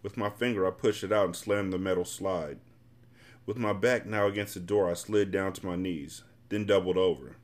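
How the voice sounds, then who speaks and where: Low-voiced man reading a novel aloud. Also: steady tone, moderate pace. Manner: casual, blunt, profane commentary. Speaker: podcast host and reader.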